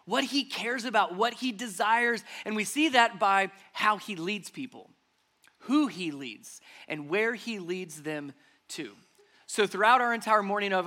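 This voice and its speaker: A man's voice: sits high, sharp tone. A man preaching a sermon as pastor, speaking emphatically and repeating key phrases for stress.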